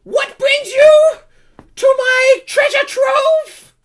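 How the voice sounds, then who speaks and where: Shrill pompous kobold chief. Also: female voice, fairly even intonation, very slow, exaggerated voice. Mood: grandiose. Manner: shrill, grandiose, shouting. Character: pompous regal kobold chief, small reptile.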